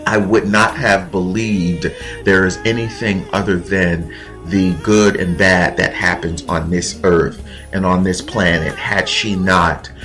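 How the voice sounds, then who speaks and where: A man with a very low, deep voice speaks in an earnest, heartfelt way, pausing often and reaching for words. Soft music plays faintly beneath him as he reflects aloud to his listeners. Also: fairly even intonation. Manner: earnest, heartfelt, with pauses and fillers. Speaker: podcast host. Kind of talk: reflective spoken monologue.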